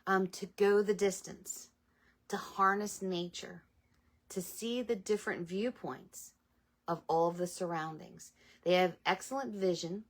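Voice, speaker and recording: A woman's voice: mid-range voice, a little slow. A middle-aged woman hosting a casual spiritual talk to viewers, chatty and meandering with many ums. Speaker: spiritual channel host.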